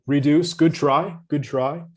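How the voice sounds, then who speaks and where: A man's voice: fairly high pitch, fairly even intonation, slow pace. A man tutoring English vocabulary over a video call, patient and encouraging, giving hints and praise. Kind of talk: online vocabulary lesson.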